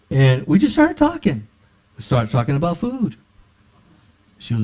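A man preaching a sermon, telling a personal story with lively acted-out dialogue. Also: mid-range voice, normal speed, long pauses. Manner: animated, acts out dialogue in his stories. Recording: dull lo-fi recording.

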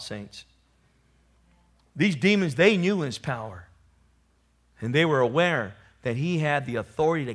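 A man preaches a sermon, building to loud, emphatic peaks before dropping low. He calls out to his congregation for responses.

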